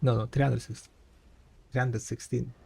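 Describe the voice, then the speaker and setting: A man's voice: mid-range voice, little pitch movement, normal speed, creaky, a little mellow, husky. A man live-streaming a game, chatting casually and thinking aloud, rambling and correcting himself as he goes. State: tired, yawning. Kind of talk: casual live-stream chat while playing.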